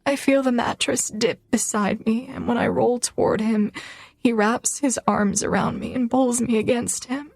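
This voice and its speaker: Brief: young woman, emotional first-person romance narrator, higher voice, dry close sound. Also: fairly even intonation, normal speed, gravelly, a little mellow, dry recording. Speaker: audiobook narrator.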